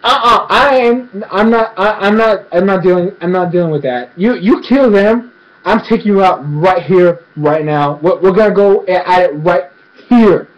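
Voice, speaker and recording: A woman's voice: deep voice, sing-song, very slow, long pauses, muffled recording, heavily acted. A man voicing a fiery teenage heroine who stammers and makes threats. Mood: defiant. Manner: stammering, confrontational, repeats threats.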